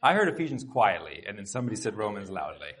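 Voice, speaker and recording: Husky-voiced pastor preaching conversationally. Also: male voice, on the low side, sing-song, fast talker, fairly bright tone. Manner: conversational, earnest preaching with asides to the congregation. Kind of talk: sermon. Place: church sanctuary.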